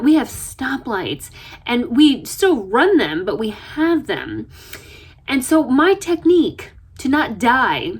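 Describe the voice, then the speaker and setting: Chatty, animated woman vlogger. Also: on the high side. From United States. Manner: chatty, self-deprecating, animated storytelling. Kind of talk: casual chat. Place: RV interior.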